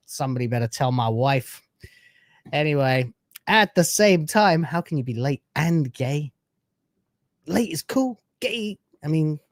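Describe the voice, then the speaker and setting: A man's voice: medium pitch, no echo, studio quality. A man hosting a live stream, chatting casually with brash, sarcastic, crude banter.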